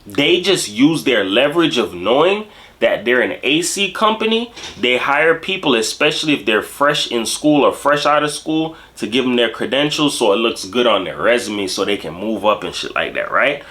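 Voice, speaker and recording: A man from Jamaica telling a casual story in slangy, animated, streetwise talk. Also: medium pitch, normal speed. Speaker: host.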